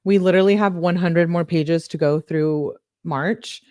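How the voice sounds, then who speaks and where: A woman's voice: lowish voice, a little slow, dark tone, no echo, clean studio sound. A woman hosting a true crime channel, reading text messages aloud and adding sarcastic, offhand remarks.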